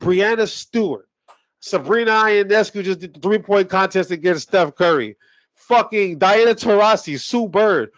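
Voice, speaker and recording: A man's voice: high-pitched, normal speed, dry recording, muffled recording. A man co-hosting a sports podcast, ranting heatedly with heavy swearing in casual talk. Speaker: podcast co-host.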